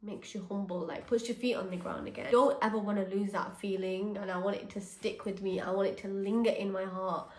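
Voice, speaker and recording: A woman's voice: medium pitch, fairly even intonation, a little fast, few pauses, a little mellow, echoey room. A young woman vlogging to her phone at home, chatty and sincere, often emotional and grateful. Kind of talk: casual vlog talk to camera. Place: home, indoors.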